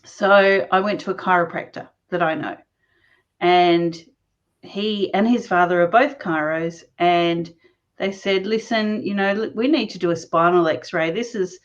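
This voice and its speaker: A woman guest recounting her own story in conversation, animated and laughing often as she talks. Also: on the low side, unhurried. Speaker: interview guest. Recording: dull lo-fi recording.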